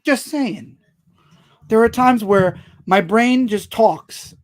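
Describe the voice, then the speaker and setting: A man hosting his own live stream, talking loudly and joking as he answers viewers' comments. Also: sits high, takes it slowly. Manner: loud, animated, jokey, answers chat comments aloud. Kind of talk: casual live-stream chat.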